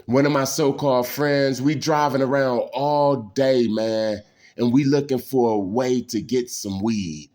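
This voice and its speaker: A man's voice: mid-range voice, fairly even intonation, measured pace, a little mellow. A man, telling personal stories in a rambling, intense way and saying "man" again and again. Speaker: storyteller. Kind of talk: casual personal storytelling.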